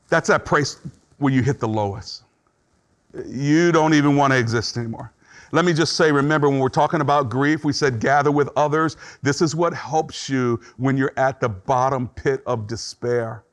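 A man's voice: medium pitch, steady tone, moderate pace. A middle-aged man preaching a sermon in an earnest, conversational way, acting out short quotes as he teaches. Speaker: pastor.

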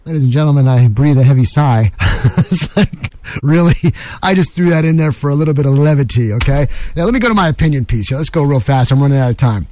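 A man's voice: on the high side, expressive, fast talker, a little mellow, a little hiss or hum. A man hosting a talk radio show, delivering an emphatic, combative opinion monologue.

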